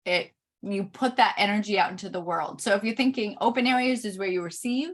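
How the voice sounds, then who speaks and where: A middle-aged woman giving a chart reading, explaining each point slowly with frequent pauses. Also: mid-range voice. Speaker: Human Design reader.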